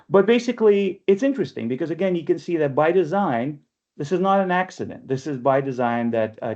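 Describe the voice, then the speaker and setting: Leading an online poetry workshop as its leader and a press editor, this man has a creaky, darkish, mid-range voice and a chatty lecturing style. He frequently asks "right?" and reads verse slowly and deliberately; the webinar computer mic yields dull lo-fi sound.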